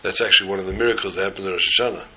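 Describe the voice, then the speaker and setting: A man delivering a sermon with lively, acted-out storytelling. His voice is bright and forceful, and his pacing stays relaxed as he explains the weekly portion. He speaks like a rabbi teaching his congregation. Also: low-pitched, rapid-fire, slight background noise, poor audio. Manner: animated storyteller who acts out scenes.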